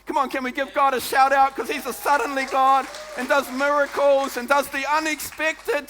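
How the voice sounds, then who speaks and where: A little hiss or hum runs under the recording of a very high-voiced pastor with a New Zealand accent. He preaches his sermon in a chatty, lively manner, repeatedly calling out "come on" and "eh?" to the congregation.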